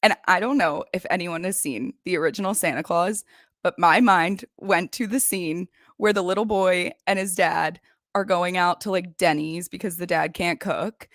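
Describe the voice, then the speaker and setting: A woman's voice: on the low side, normal speed, no echo, clean studio sound. Gossipy young woman recapping a show. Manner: gossipy, animated retelling with quoted voices. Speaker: recap podcast host. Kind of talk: casual chat. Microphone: desk microphone.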